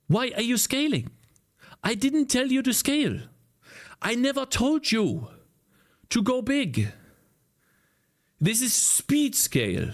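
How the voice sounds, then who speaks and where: A man developing a game while talking to himself, frustrated and swearing, his voice strained from screaming. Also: high voice. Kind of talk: casual livestream coding commentary.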